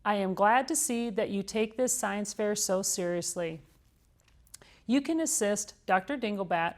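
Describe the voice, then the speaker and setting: A woman voicing a brisk, sensible schoolteacher in a children's storybook read-aloud, measured and clear. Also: mid-range voice, natural voice.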